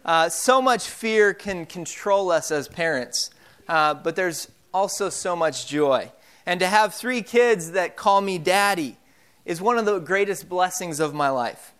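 A young man preaching with a high, smooth voice. He talks casually, full of fillers and restarts, like a pastor telling stories. The voice stays clear throughout. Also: expressive, measured pace, fairly bright tone. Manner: casual storytelling with frequent fillers. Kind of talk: sermon.

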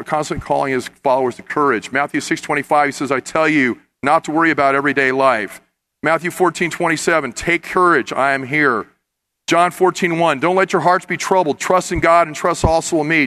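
A man with a fairly high, bright voice delivers a sermon. He speaks earnestly and often swells into impassioned emphasis. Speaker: pastor.

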